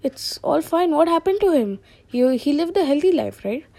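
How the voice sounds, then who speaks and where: A woman voicing a chatty, upbeat young chicken who asks what happened in a high, breezy voice. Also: expressive, moderate pace, vocal fry, dark tone. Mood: cheery.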